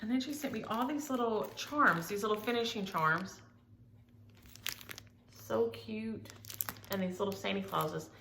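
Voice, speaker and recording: Gushing woman with gravelly voice. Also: medium pitch, unhurried, pauses often, roomy sound, noisy background. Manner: chatty, gushing, scattered. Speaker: flosstube vlogger. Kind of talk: casual chat showing mail.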